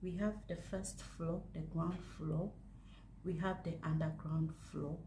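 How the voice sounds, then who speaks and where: A young woman from Ghana talks straight to a camera on a stand in a casual vlog, slow and deliberate, sounding aggrieved and emphatic as she repeats her points. Her voice sits a little low. The room is echoey, with faint noise behind her. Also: fairly even intonation, dark tone. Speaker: vlogger. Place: indoors in a house.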